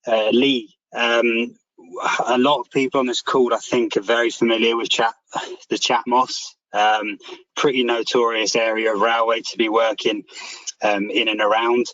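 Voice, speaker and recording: A man chairing a meeting and thanking presenters over a video call, relaxed and halting with many ums. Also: mid-range voice, no echo. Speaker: section chair hosting a meeting. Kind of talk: closing remarks on a video call. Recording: dull lo-fi call audio.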